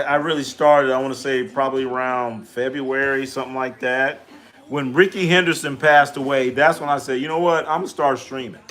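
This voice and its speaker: A man's voice: mid-range voice, fairly bright tone. A middle-aged man hosting a casual live stream, trash-talking, repeating himself and answering chat questions aloud.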